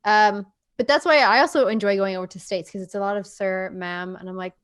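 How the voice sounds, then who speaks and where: A woman's voice: mid-range voice, steady tone, brisk, clean tone. A woman who grew up in South Africa, co-hosting a casual podcast chat and speaking frankly and emphatically, with casual swearing.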